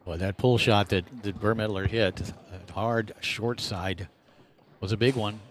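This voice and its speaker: Energetic male play-by-play caller. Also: fairly low pitch, slight background noise. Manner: rapid, energetic shot-by-shot calling. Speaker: play-by-play commentator. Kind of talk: live sports commentary.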